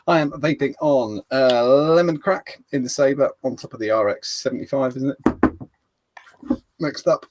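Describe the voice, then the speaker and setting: A man's voice: mid-range voice, a little hiss or hum. A British man co-hosting a live show, laid-back and casual, swearing and stumbling over names. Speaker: co-host.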